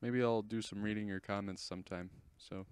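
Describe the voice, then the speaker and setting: Young man, casual screen-recording commentary, goofy, self-deprecating, lowish voice, dry sound. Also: fairly even intonation, brisk, smooth, dry recording. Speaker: channel host.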